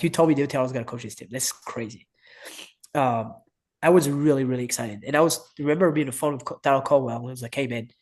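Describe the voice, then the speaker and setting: A man's voice: mid-range voice, darkish tone. A man in his thirties from France with a French accent, a wrestling coach telling a story as a podcast guest, animating the quoted voices in broken English. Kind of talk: casual interview storytelling.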